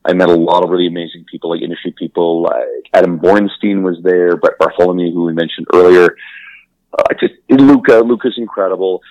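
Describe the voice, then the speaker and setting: A male podcast co-host talking in a relaxed, swear-sprinkled chat. His voice sits very low, and he laughs easily as he goes. The sound is close and dry, with no room around it. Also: fairly quick, no room sound, muffled recording. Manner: laughing, enthusiastic, swears freely. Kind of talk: casual chat.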